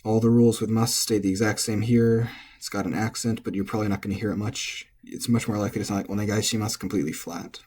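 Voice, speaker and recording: Male language tutor, low husky voice, offhand self-correcting lecture. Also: quick pace. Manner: relaxed, thinking aloud, self-correcting. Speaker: language teacher. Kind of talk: casual lecture on pitch accent.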